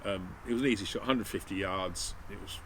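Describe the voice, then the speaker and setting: In a low-quality recording with faint hiss or hum, a man with a lower voice and brisk delivery rambles through a hunting anecdote. He's the channel host, telling it casually, restarting repeatedly and playing out the dialogue himself.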